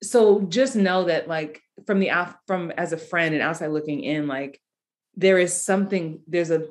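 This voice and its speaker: A woman's voice: fairly low pitch, moderate pace. A woman hosting an interview, chatting casually with a guest and quoting friends in playful voices. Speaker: host.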